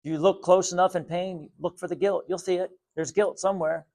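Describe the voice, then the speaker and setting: Calm, gently insistent spiritual teacher man. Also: high voice, a little fast, creaky. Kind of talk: spiritual talk to viewers.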